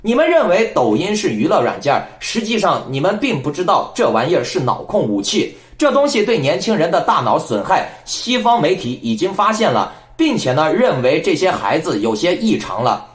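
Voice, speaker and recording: A man's voice: on the high side, big pitch swings, brisk, few pauses, echoey room. A man hosting a political commentary channel, talking in an emphatic, lecturing way.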